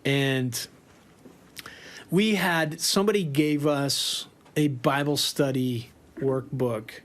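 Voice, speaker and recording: A man telling a tour story in a casual, animated way, laughing often and swearing freely. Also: mid-range voice, slow pace.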